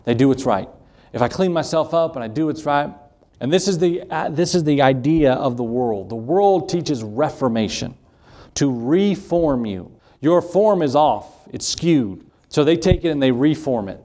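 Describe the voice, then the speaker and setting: A man's voice: fairly high pitch, lively intonation, normal speed, warm tone. Earnest man preaching an evening sermon. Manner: earnest, repetitive preaching with Scripture quotes and folksy asides. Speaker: pastor.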